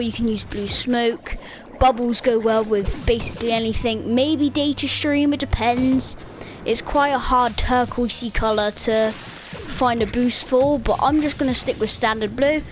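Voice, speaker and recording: A woman casually talking through a gaming walkthrough, relaxed and hesitant, with fillers and quick self-corrections. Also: fairly high pitch, slight background noise. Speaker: gaming video creator.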